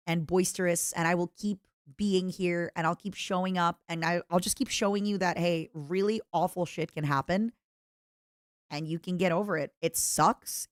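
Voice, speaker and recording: A woman streamer with a slightly low voice chats live at her desk mic, playful and expressive, jumping between excited squeals and soft murmurs and repeating words for fun. Her throat sounds a little strained. The sound is close and dry. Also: dry recording. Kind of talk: casual live-stream chat reading fan letters.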